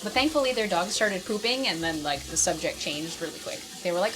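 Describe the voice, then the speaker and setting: A woman's voice: lowish voice, quick pace, few pauses. Woman telling a story, laughing a lot. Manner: laughs often at herself, rambling. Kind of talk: casual storytelling chat.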